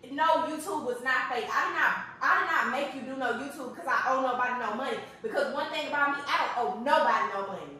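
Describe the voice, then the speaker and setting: A woman's voice: high-pitched, fast, hardly any pauses, sharp tone, recorded from a distance. A young woman, indignantly scolding her partner from the doorway of a house. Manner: indignant, scolding, repeats herself. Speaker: YouTuber. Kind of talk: joking prank vlog. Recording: echoey room, off-mic.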